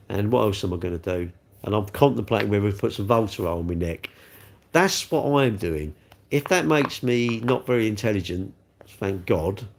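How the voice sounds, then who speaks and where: A middle-aged man from England with an English accent, chatting casually on a livestream, rambling and poking fun at himself as he reads out comments. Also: fairly low pitch. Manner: rambling, chatty, self-mocking. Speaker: livestream host.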